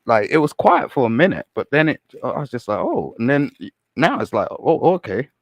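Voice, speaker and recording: A man calling into a live stream, telling his story in a casual, animated way, swearing and laughing as he goes. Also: mid-range voice, a little fast, dry recording, muffled recording. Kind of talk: casual chat.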